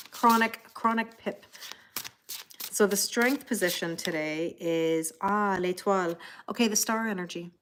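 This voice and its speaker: Woman, 40s, mid-pitched, chatty live tarot reader who laughs easily and talks straight to her viewers. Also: a little slow, long pauses, a bit bright, slight background noise. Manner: chatty, greets viewers by name, laughs often. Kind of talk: casual live-stream card reading.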